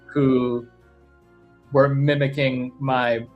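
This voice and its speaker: A man's voice: mid-range voice, little pitch movement, drawn-out words, muffled recording, soft background music. A man co-hosting a livestream, telling a story in a chatty, self-deprecating way. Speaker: livestream co-host. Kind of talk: casual livestream chat.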